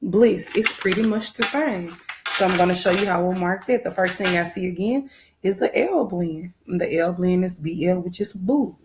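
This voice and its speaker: A woman's voice: lowish voice, moderate pace, noisy background. A woman first grade teacher with a Southern American accent, patiently walking young children through a phonics lesson and repeating her instructions.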